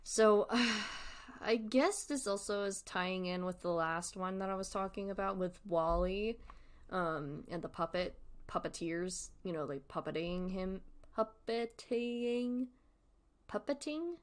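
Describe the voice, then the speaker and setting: A woman's voice: fairly low pitch, fairly even intonation, measured pace. A woman streaming casual commentary, giggly and rambling, often correcting herself. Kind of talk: casual commentary on a web series.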